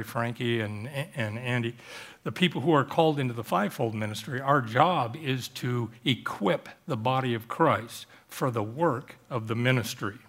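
A male pastor preaching a sermon in church, telling stories and jokes and slowing down on emphatic phrases. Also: mid-range voice, a bit bright. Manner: joking, storytelling preacher with emphatic slowed phrases. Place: church service.

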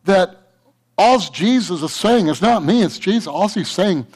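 A man's voice: sits high, expressive, a little slow, a little mellow. A man preaching a sermon to his church, fervent and repetitive, breaking into a story. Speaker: pastor.

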